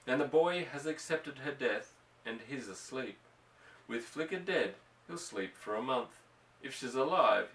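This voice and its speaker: Gruff steady ranch husband, read by a guy, roomy and distant sounding. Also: mid-range voice. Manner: gruff and firm.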